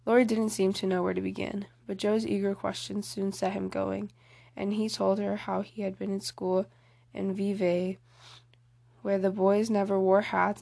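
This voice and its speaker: A woman's voice: mid-range voice, vocal fry, dark tone. A woman narrating a classic novel in a casual, unpolished read-aloud. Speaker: reader. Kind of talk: amateur audiobook narration.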